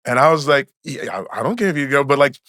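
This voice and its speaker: Man, forties, podcast co-host, lively storyteller, dry close sound. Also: medium pitch, quick pace, no room sound. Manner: animated storyteller, acts out quotes. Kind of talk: casual chat.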